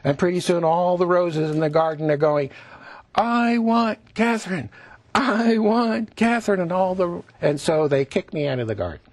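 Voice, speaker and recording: Gravelly, chatty man teaching painting. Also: medium pitch, a little mellow, no room sound. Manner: chatty, folksy, laughs at his own jokes. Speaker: painting instructor. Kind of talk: TV painting lesson.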